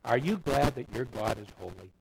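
A man preaching a sermon, swinging between loud emphatic repetition and low quiet asides. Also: animated, moderate pace, creaky, heavy background noise.

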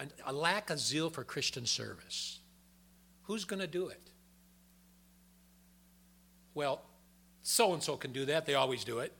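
Gravelly older man preaching folksy. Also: mid-range voice, bright, forceful tone. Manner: folksy, conversational preaching with personal stories. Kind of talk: sermon.

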